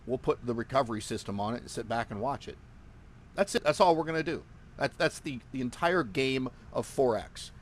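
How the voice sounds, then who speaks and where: A man teaching forex trading live as he works through his screen. He talks in an excitable, boastful way, laughs often, swears casually and repeats phrases for emphasis. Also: mid-range voice.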